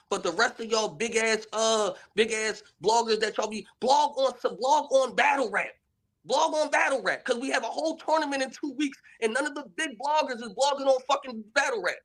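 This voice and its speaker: A man's voice: extremely high pitch, fairly bright tone. Blunt, profane man ranting in a vlog. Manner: blunt, profane, street slang. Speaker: battle rapper and tournament host. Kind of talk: casual vlog rant.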